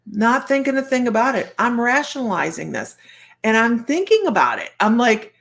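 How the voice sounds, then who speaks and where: An older woman, a psychic medium, telling a personal story in a chatty, animated way with frequent laughter. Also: a little high, moderate pace, vocal fry. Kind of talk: storytelling monologue.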